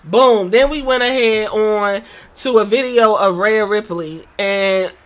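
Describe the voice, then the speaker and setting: A woman hosting a podcast, recapping a wrestling show in casual, profane, animated storytelling with quoted impressions. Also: mid-range voice, takes it slowly. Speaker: podcast host.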